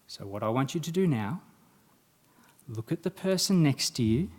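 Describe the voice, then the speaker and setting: Giving a motivational graduation speech, this young guest speaker uses a medium-pitched voice at a moderate pace, with long pauses. He tells stories animatedly and performs the quoted lines.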